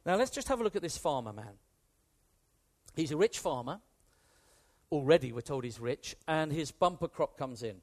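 A British man preaching a sermon with a British accent, in an animated, conversational way that swings from hushed to emphatic. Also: a little high, moderate pace. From Britain.

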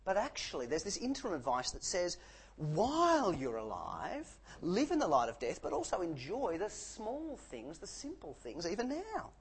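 Animated male preacher, jokey. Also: sits high, normal speed, husky, rough recording. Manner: animated and jokey, with sarcastic asides and laughs. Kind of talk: sermon.

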